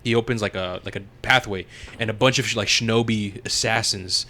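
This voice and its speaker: Profane, animated young male podcast host. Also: lowish voice, brisk, slight background noise. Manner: animated, acts out characters in silly voices, profane. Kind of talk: casual TV recap chat.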